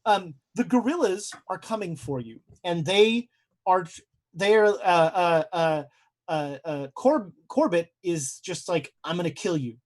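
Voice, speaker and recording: As game master for a tabletop horror game, a young man describes eerie dream scenes, pausing dramatically and often hesitating with fillers. His voice is high, expressive, and slightly mellow.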